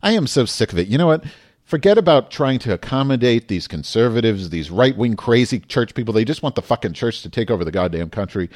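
This podcast host's mid-range voice is animated, a little fast and slightly mellow, captured dry with clean studio sound. His impassioned, sweary rant gives way to relaxed chatter about the show.

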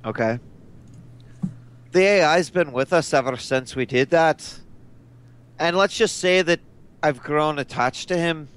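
A man playing an earnest, polite male space traveler in a tabletop game, speaking in a measured, courteous way. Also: fairly high pitch, fairly bright tone, clear, resonant tone. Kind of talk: tabletop role-play in character.

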